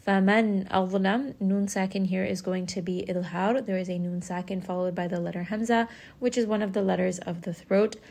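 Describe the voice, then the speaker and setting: A woman's voice: on the low side, fairly even intonation, brisk, vocal fry, dark tone. A woman teaching Quranic recitation rules step by step, patiently explaining and modeling each sound. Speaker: tajweed teacher.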